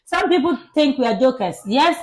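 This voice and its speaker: A woman's voice: sits high, expressive, fairly quick, a little mellow. A mother co-hosting a casual chat show, talking earnestly and repeating words for emphasis. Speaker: co-host.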